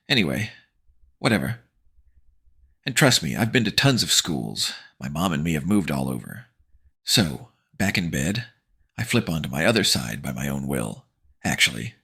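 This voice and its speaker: A man's voice: rumbling low, vocal fry, bright, forceful tone, slightly rough. A man narrating a horror-comedy audiobook in first person as a sarcastic teenage boy, with slangy, wry asides. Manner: sarcastic slangy teen banter.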